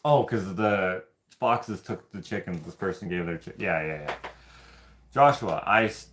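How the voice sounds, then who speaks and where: A man's voice: sits low, a little slow, slight background noise. Laughing man telling a story on a livestream. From Canada. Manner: animated, laughing, loose and profane. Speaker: host of live hangout stream.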